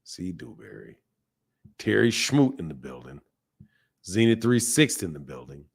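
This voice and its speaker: A boxing channel host runs a live stream, chatting casually and calling out viewers' names from the chat. His voice is low, gravelly and husky, delivered at a normal speed. He comes across as animated and talkative.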